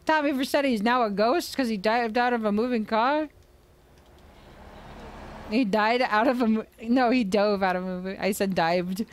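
A young woman streamer giving casual gameplay commentary, excitable and swearing often. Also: fairly high pitch, normal speed. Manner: excitable, swearing, shrieks and laughs.

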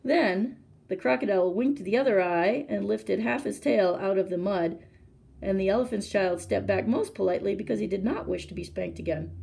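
A woman librarian reading a story aloud for children, expressive and talking straight to her listeners. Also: mid-range voice, normal speed, gravelly, a little hiss or hum. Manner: expressive, addresses listener directly.

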